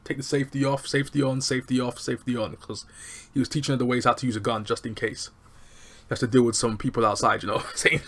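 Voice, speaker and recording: A man with casually recapping a TV episode, animated and chatty, acting out lines from scenes. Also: medium pitch. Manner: animated, chatty, acts out quotes. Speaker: TV show reviewer.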